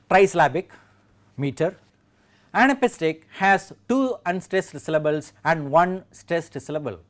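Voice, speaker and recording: Indian man lecturing on poetic meter. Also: on the high side. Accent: Indian English. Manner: measured, explanatory, recites verse with stress.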